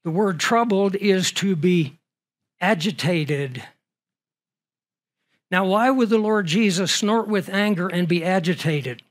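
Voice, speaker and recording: A man delivers a sermon in a fairly high voice. He is earnest and works through rhetorical questions, letting his volume swell and then drop low for emphasis. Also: takes it slowly, long pauses. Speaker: preacher.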